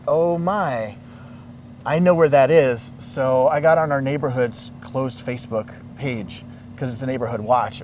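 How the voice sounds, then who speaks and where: Man, mid-pitch, animated storyteller acting out quotes; outdoor interview, distant mic. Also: a little hiss or hum. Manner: animated, acts out quoted dialogue. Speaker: interviewee, local resident. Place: outdoors in a residential neighborhood.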